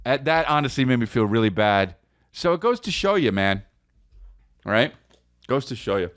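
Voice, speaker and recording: In clean studio sound with no room echo, a podcast host in his forties rambles through a comedic monologue, slipping into silly voices. His mid-range, slightly bright voice is expressive and moves at a normal speed.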